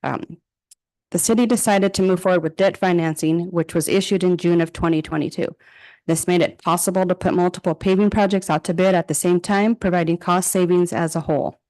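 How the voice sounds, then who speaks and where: A woman's voice: fairly low pitch, steady tone, brisk, a little mellow. A woman, a city director, giving a formal presentation at a council meeting and reading through figures and project lists steadily. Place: council chamber.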